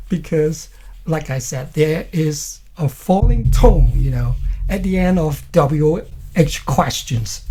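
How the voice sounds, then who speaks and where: A man's voice: a little high, mellow, slightly rough. A man teaching an English lesson, acting out example phrases to show intonation and often adding "you know" and "okay".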